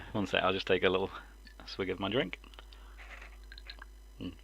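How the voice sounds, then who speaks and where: A man's voice: low-pitched, steady tone, a little slow, vocal fry, a bit bright, husky. A man in his forties from Lincolnshire with a mixed, slightly southern English accent, chatting casually on a live stream, rambling with lots of ums and frequent chuckles. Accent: mixed English, mildly southern-sounding. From Lincolnshire, England.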